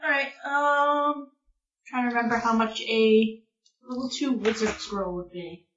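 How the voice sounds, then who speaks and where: A woman playing a tabletop game, hesitant and questioning, with a fairly high voice. She sounds like she is in an echoey room, and the recording is dull and lo-fi. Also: a little slow, fairly bright tone. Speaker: player. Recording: roomy, lo-fi mic.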